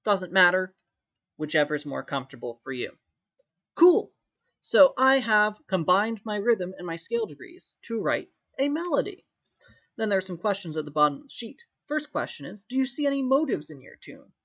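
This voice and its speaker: This man's voice is high-pitched and a bit bright, with big pitch swings at a normal speed. He teaches music theory step by step in a dull, lo-fi recorded lesson, frequently humming rhythms on "da."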